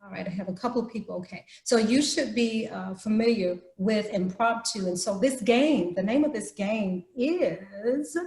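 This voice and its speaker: A woman's voice: mid-range voice, moderate pace, hardly any pauses, darkish tone, echoey room, poor audio. A woman leading an online youth workshop, explaining a game patiently over a video call. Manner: explains patiently, breaks into acted demonstrations. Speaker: troop program leader.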